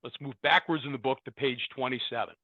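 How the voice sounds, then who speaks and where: A man's voice: mid-range voice, fairly quick, vocal fry, dry recording. A man giving a personal share at a recovery meeting, speaking emphatically and hammering on repeated words as he addresses the room. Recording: tinny phone-like dry sound.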